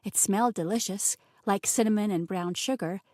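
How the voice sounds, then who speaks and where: A woman narrating a fantasy romance audiobook in an expressive, scripted style, recorded close and dry. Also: mid-range voice, moderate pace, no echo. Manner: expressive, voices the characters.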